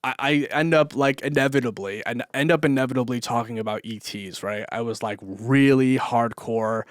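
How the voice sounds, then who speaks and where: A man's voice: medium pitch, normal speed, dry recording. Young guy rambling thru a story, swears a lot, lots of likes and ums, dry close sound. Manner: rambling, profane, full of fillers, laughs often. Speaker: vlogger. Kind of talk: casual storytelling monologue.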